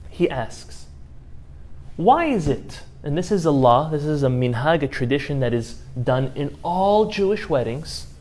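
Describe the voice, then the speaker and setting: A rabbi delivers a sermon in a slightly high-pitched voice. He tells a story, mostly hushed and measured, then rises into impassioned, emotional outbursts. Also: expressive. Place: synagogue.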